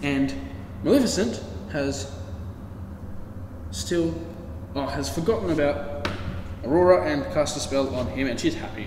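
A man's voice: a little high, measured pace, long pauses. A man hosting a livestream craft workshop, telling a playful story with toys, in an echoey hall with a distant mic and background hiss. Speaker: workshop host.

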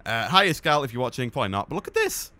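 A man's voice: mid-range voice, big pitch swings, racing, bright, forceful tone, no room sound. A young man chatting and teasing his friend as host of a casual gameplay video. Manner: chatty, teasing, laughs often. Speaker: let's play host.

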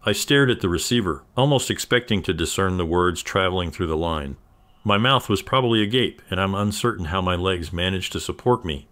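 Deep-voiced man narrating a story. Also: a little fast, a bit bright. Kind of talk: scripted first-person story narration.

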